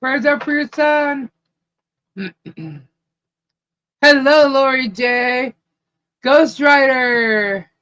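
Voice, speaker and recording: Woman on a live stream reading off viewer names real slow, kinda high voice, laughs a lot. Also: a bit bright, dull audio. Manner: slowly greets viewers one by one, laughs often. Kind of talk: casual live-stream chat.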